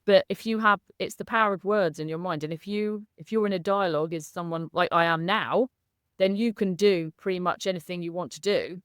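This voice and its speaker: A woman's voice: fairly low pitch, brisk, clean tone, no room sound, studio quality. A woman speaking as a guest in a candid interview, effusive and emotional, laughing often. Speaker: coaching client, guest.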